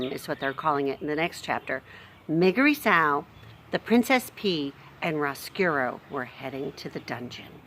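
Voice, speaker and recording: A woman reading a chapter book aloud to children in a gentle manner, talking to her listeners and explaining words as she goes. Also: fairly low pitch. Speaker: storybook reader. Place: home near a street.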